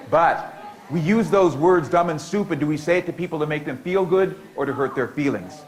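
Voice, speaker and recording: Playful storytelling man, higher voice. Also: expressive, moderate pace, slight background noise, low-quality recording. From United States. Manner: playful, leads audience participation with cues; repetitive, rhythmic oral storytelling. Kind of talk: storytelling talk to a conference audience.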